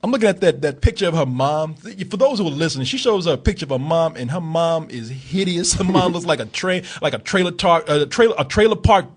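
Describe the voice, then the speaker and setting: A man's voice: a little high, animated, brisk, hardly any pauses, slightly rough. A man hosting a movie review podcast in casual, profane chat, laughing a lot and acting out quotes. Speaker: film review podcast host.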